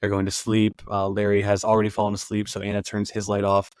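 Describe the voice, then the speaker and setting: A man hosting a podcast, casually recapping a film scene and acting out its lines in a quieter voice. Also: on the low side, completely flat delivery, fast talker, clear, resonant tone, dry recording. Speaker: podcast host.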